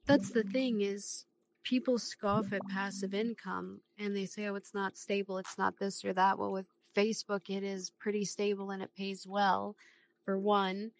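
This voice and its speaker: Flat-voiced woman guest. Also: mid-range voice, moderate pace, gravelly, rough recording. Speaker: podcast guest. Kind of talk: casual podcast chat.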